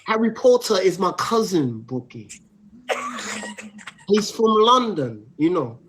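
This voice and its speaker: A goofy mock-posh Brit, as a man puts him on, voice pushed high and nasal, swinging up and down in pitch. He plays it as pure comedy, bragging about his fancy London roots. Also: sing-song, takes it slowly, noisy background, heavily acted. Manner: playful, insists he is London-born royalty. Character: man faking a posh British accent. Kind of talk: comedic impression on live chat show.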